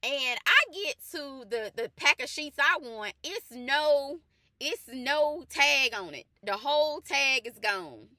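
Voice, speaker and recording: A woman who works as a faith life coach, telling a personal testimony in an animated, colloquial way that turns to earnest preaching with repeated emphatic phrases. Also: high voice, slow, dry recording, clean studio sound.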